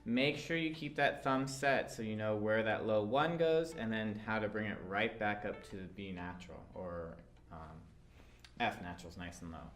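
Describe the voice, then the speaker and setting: A man teaching a violin part, calm and patient, with frequent fillers as he explains. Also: on the low side, normal speed. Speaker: orchestra teacher. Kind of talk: instructional walkthrough.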